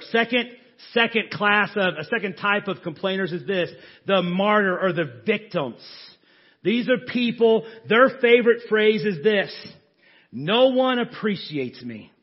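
A man preaching a sermon in a church, his voice high and husky. He delivers it with animation and playfully mocks the complainers he acts out. The recording sounds dull and muffled. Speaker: pastor. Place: church sanctuary.

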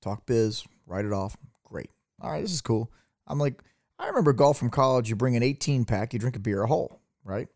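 Middle-aged male co-host, casual storyteller, mid-pitched voice, does the quoted voices. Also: big pitch swings, brisk, darkish tone, no echo, clean studio sound. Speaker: podcast co-host. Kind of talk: casual chat.

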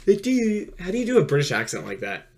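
A man's voice: high-pitched, huge pitch swings, fast, darkish tone, a little hiss or hum. A man chatting casually on a podcast as the guest voice actor, laughing often between lines.

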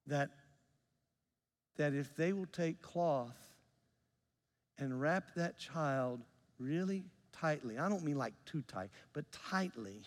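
A middle-aged man preaching a sermon as pastor, telling a story, acting out the dialogue and swinging from loud to soft. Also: a little high, big-room sound. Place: church sanctuary.

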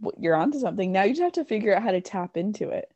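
A young woman co-hosting a casual podcast chat, upbeat and encouraging, quick to laugh. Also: mid-range voice, lively intonation, a little mellow, no room sound, highs cut off. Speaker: podcast co-host.

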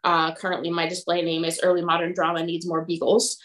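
A woman's voice: on the low side, monotone, a little fast, crowd noise. A woman speaking as a podcast guest in casual chat, hesitant and full of filler sounds.

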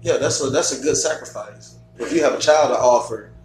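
A man's voice: mid-range voice, brisk, a little mellow, soft background music. A man in casual chat, a profane cohost who laughs often. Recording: echoey room from far off, faint hum.

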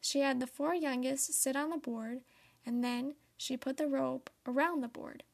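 A young woman in her late teens reading a storybook tale aloud in a soft, steady manner. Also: sits high, measured pace, gravelly. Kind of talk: storybook narration.

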